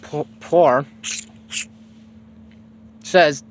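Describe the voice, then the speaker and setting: A man's voice: on the high side, slow, long pauses. A man casually retelling a story, rambling and profane, with lots of fillers.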